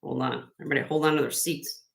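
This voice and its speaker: A woman's voice: very deep voice, fairly even intonation, racing, vocal fry, low-quality recording. A woman with a Midwestern accent hosting a live-stream jewelry sale, chatty and effusive as she shows off each piece. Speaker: host selling vintage jewelry on a live stream. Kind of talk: live-stream sales chat.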